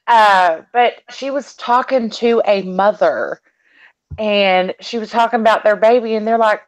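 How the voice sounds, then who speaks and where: A woman's voice: medium pitch, slow, muffled recording. A woman from Texas with a Texan accent, chatting casually and telling stories with sweet, cutting sass. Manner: sassy storyteller, sweetly cutting. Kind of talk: casual chat.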